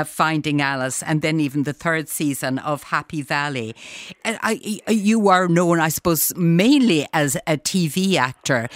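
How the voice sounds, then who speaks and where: An interviewer asking questions in a halting way, searching for words. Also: mid-range voice, no room sound. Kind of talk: conversational interview.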